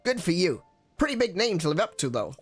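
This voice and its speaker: A streamer puts on a cheery male bird reporter from a video game, speaking in a crisp, old-fashioned newsreader cadence. He is eager and talks up his newspaper with salesman pep at a middling pitch. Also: big pitch swings, fairly quick, soft background music. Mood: brisk, upbeat. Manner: old-time American newsreader voice. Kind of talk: voicing game dialogue.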